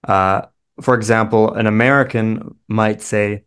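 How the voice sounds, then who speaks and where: A Canadian man, a guest English teacher, talking slowly and clearly for learners in a thoughtful, explaining way. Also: on the low side, steady tone. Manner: measured, thoughtful, explains carefully. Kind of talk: slow clear conversation for learners.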